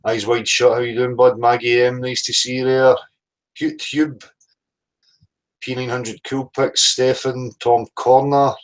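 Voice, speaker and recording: A man's voice: medium pitch, level tone, measured pace, rough recording. A man hosting a casual livestream, blunt and sweary, greeting chat viewers by name. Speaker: livestream host.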